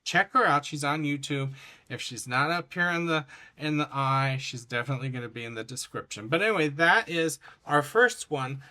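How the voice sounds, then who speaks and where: Man, chatty, rambling, effusive, bright clear tone, coloring channel host. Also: fairly high pitch, normal speed. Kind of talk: casual chat showing finished coloring pages.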